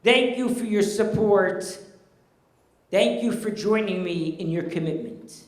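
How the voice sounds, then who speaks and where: A man giving a formal introduction of the guest speaker at a banquet, in a measured, formal tone. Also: high-pitched. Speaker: event presenter. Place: banquet hall. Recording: echoey hall.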